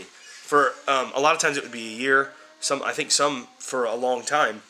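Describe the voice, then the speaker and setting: A man's voice: medium pitch, moderate pace, bright, forceful tone, a little hiss or hum. A man teaching a Bible class, talking to his students informally and repeating words as he drives home each point. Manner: emphatic, repeats words while building points; addresses students informally as guys.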